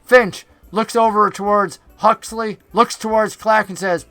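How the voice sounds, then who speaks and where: A man's voice: sits high, steady tone, measured pace, few pauses, fairly bright tone, dry recording, faint music behind. A man narrating a tabletop game as game master, describing the scene in an easygoing way.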